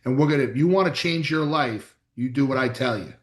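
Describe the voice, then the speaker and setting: Brisk and mid-range, this middle-aged chiropractor's voice carries blunt, emphatic stories with some mild swearing. He's co-hosting a casual podcast chat, recorded in an echoey room.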